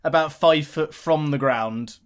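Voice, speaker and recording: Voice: mid-range voice, unhurried. A player in a casual tabletop role-playing game who laughs often and mocks their own character. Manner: giggly, self-mocking.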